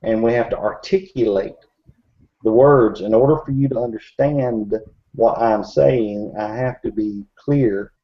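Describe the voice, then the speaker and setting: A man's voice: fairly low pitch, measured pace. A man chatting casually in a group discussion, rambling with many fillers and restarts. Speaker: Bigfoot researcher in a group discussion. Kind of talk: casual chat. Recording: dull lo-fi recording.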